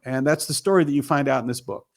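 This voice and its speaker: A man's voice: mid-range voice, fast talker, vocal fry. A man, a filmmaker and author, telling his story emphatically as an interview guest.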